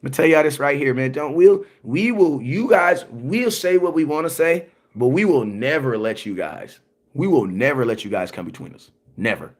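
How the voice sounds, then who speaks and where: On his sports livestream, this man delivers an animated rant, emphatic and repetitive, full of slang and peppered with "you know what I'm saying" as he responds to viewer comments. His voice is fairly high with lively intonation at a moderate pace.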